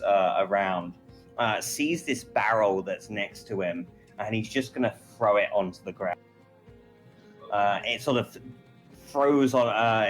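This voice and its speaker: Low-voiced man running a tabletop game. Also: rough recording. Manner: meandering, filler-heavy narration. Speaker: game master.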